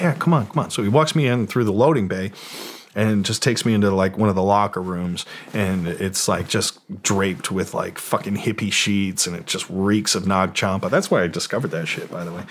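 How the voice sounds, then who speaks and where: A man's voice: on the low side, a little hiss or hum. A man in his forties, a podcast guest, telling a story in a profane, rambling way, full of fillers and acted-out quotes. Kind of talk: casual storytelling.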